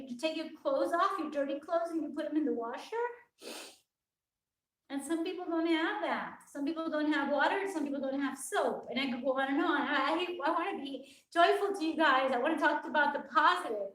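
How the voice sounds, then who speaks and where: A woman's voice: high-pitched, fairly bright tone. A woman fitness coach talking casually on a live stream, earnest and rambling with lots of "it's like", from her home workout space. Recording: roomy echo from a distant mic.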